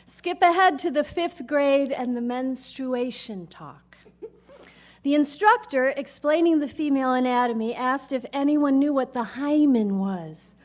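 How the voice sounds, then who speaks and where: High-voiced woman telling comic stories. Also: measured pace. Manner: wry, self-mocking delivery. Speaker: monologue performer. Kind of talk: comic storytelling monologue on stage.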